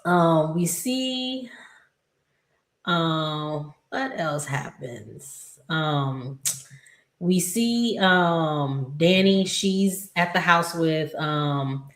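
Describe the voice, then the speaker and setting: A woman's voice: low voice, expressive, drawn-out words, echoey room. A woman giving a casual, chatty recap of a soap opera episode, with exasperated asides to the characters.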